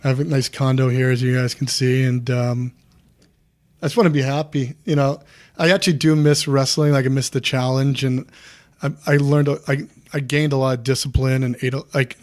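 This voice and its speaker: A man's voice: mid-range voice, flat delivery, fairly quick, a little mellow. Earnest rambling man in his thirties. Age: 30s. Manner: rambling, earnest, many restarts and fillers. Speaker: guest, former pro wrestler. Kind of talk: candid podcast conversation.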